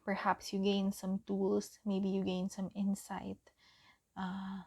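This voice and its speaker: Slow gentle tarot girl from the philippines, low mellow gravelly voice, goes whispery a lot. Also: little pitch movement. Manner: gentle, soft-spoken, often drops to a whisper. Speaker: tarot reader. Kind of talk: pick-a-card tarot reading.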